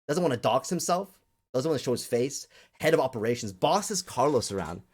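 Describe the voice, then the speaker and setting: A man's voice: medium pitch, big pitch swings, a little fast. A man delivering a sarcastic, exasperated rant in a video monologue. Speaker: crypto commentator.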